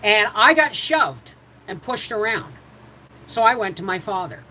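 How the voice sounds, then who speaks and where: A woman's voice: medium pitch, sing-song, measured pace, bright, forceful tone, a little hiss or hum, rough recording. A middle-aged woman hosting a home livestream, telling stories in a digressive, chatty way that jumps between subjects and circles back. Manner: chatty, frequent restarts, addresses viewers directly. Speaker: homestead livestream host. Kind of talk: rambling casual livestream storytelling.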